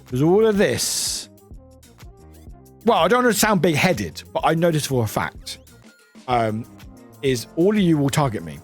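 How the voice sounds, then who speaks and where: British male streamer, high animated voice, casual and sweary. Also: moderate pace, long pauses, faint music behind. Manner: chatty, swears a lot, laughs often. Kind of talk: casual live-stream chat.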